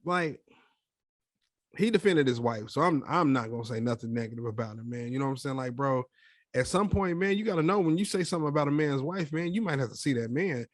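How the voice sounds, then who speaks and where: A young adult man co-hosting a casual podcast chat, telling a story with animated quoted voices. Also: mid-range voice, fairly quick, no echo, studio quality. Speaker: podcast co-host.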